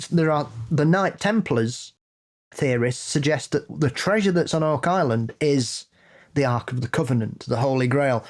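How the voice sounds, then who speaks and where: A man co-hosting a podcast, chatting casually in a blunt, sweary, opinionated way that builds into animated rants. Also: fairly high pitch. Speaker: podcast co-host. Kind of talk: casual chat.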